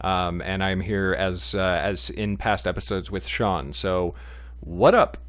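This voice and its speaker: A man's voice: deep voice, slow pace, fairly bright tone, no room sound. A man hosting a casual podcast chat, rambling and joking with lots of fillers. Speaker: podcast host.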